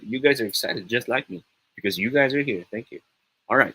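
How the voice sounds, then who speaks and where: A man's voice: medium pitch, moderate pace, bright, forceful tone, slightly rough, low-quality recording. A young man with a Filipino accent, teaching an upbeat and encouraging online pronunciation lesson, often slipping into Tagalog. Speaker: online tutor.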